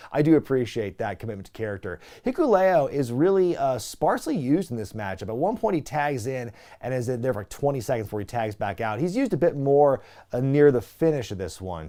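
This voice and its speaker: A man's voice: mid-range voice, warm tone. A man casually recapping and reviewing a wrestling show, rambling and opinionated with frequent fillers.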